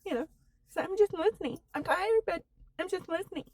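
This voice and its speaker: A woman in her forties telling her own story on a personal vlog, slow and halting, with many fillers, earnest and candid. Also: very high-pitched, expressive, darkish tone, no echo. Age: 40s. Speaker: vlogger.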